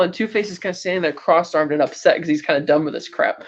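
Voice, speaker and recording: A woman's voice: on the low side, quick pace, few pauses. Rambling woman podcast host, lo-fi sound. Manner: rambling storytelling with frequent fillers and laughs. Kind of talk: casual film recap chat. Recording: dull lo-fi podcast audio.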